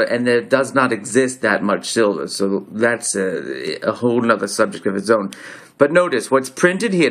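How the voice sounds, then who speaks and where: A man casually explaining coins he holds up to the camera, talking in a put-on accent with a loose, rambling delivery that keeps breaking off and restarting. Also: mid-range voice. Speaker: video host.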